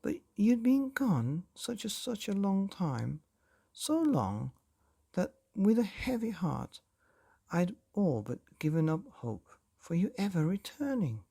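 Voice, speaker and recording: A man's voice: high voice, sing-song, takes it slowly, gravelly, dark tone, slightly rough, voice pushed up, full character voice. A man voicing a doting, apologetic middle-aged mother who chatters fussily. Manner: fussy, apologetic.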